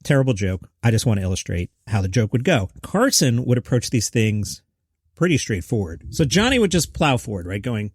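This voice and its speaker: A man's voice: medium pitch, very animated, brisk, a little mellow, slightly rough, dry recording, clean studio sound. A man hosting a comedy news podcast, reading headlines with jokey asides. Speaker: podcast host.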